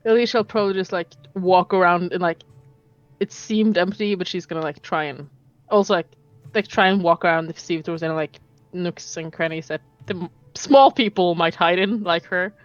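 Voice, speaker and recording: A woman's voice: on the low side, a little fast, no room sound, lo-fi sound, faint music behind. A woman player describing her character's actions in a hesitant way, full of fillers.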